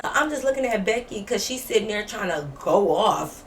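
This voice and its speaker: A woman vlogger telling a story, animated, blunt and full of profanity. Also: mid-range voice, a little fast, few pauses, a little hiss or hum. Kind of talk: storytime vlog.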